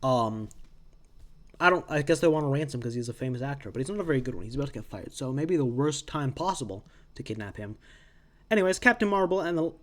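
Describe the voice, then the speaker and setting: Brief: young male comics vlogger, chatty and rambling, mid-pitched voice, self-interrupting asides. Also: expressive, quick pace. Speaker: comics reviewer. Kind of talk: casual recap monologue.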